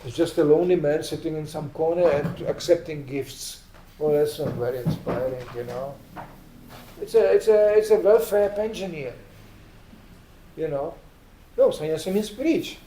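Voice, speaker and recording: Male preacher, lively storyteller, mellow tone, roomy hall sound. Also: normal speed, slight background noise. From Sweden. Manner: animated, acts out quotes with raised pitch. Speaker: spiritual lecturer. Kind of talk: storytelling sermon. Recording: echoey room.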